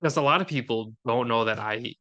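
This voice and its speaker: A man's voice: medium pitch, fairly quick, bright, forceful tone, lo-fi sound. A man co-hosting a golf podcast from Minnesota, chatting casually and upbeat, laughing often. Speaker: podcast co-host. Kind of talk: casual chat.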